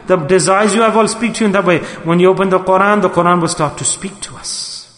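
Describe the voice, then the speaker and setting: A man preaching, his voice pitched high. He delivers his sermon with animation, slipping into the voices of the people he quotes. The sound rings with long echo, as if in a large hall. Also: steady tone, fast talker, fairly bright tone. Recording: echoey hall.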